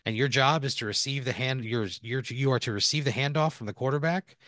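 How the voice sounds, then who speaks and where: A man's voice: mid-range voice, quick pace, a bit bright, dry recording. A man hosting a comedy podcast, spinning an improvised story in a rambling, casual way and swearing freely. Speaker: podcast host.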